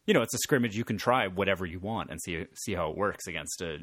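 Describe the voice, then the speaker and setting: A man's voice: deep voice, fast talker, fairly bright tone, breathy edge, no room sound. Chatty man in a dry room. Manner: chatty, laughing, many fillers. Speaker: podcast co-host. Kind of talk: casual movie discussion.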